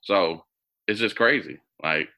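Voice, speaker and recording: A man with a low, deep voice that still rings bright and forceful. He tells a long personal story as an interview guest. He acts out the other people in it, jumping high in pitch. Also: takes it slowly, creaky. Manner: animated, acts out quoted voices with big pitch jumps.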